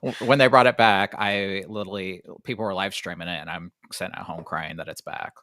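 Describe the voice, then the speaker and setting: A man's voice: sits low, fairly even intonation, a little fast, sharp tone, dry recording, clean studio sound. A man who plans vacations, chatting as a guest with enthusiasm and restarting his sentences. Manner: enthusiastic, sentimental, stammers on starts. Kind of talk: casual podcast chat.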